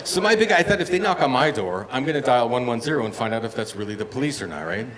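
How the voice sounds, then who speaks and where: A man in his fifties performing a stand-up comedy set, telling stories and acting out other voices with loud punchlines. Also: medium pitch, big pitch swings, fast talker, crowd noise. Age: 50s. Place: comedy bar stage with live audience. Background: audience laughter and room noise.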